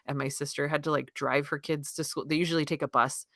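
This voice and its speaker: A woman in her thirties with a low voice, chatting on a podcast and telling stories with plenty of laughter. The recording is dry and close, with no room sound. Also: fairly even intonation, fast talker, a bit bright, dry recording. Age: 30s. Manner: chatty storyteller, laughs often. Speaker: podcast co-host. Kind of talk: casual chat.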